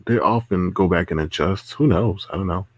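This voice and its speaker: A man's voice: low-pitched, normal speed, husky, no echo. A man hosting a casual livestream, reading chat comments aloud, laughing often and repeating himself. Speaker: livestream host.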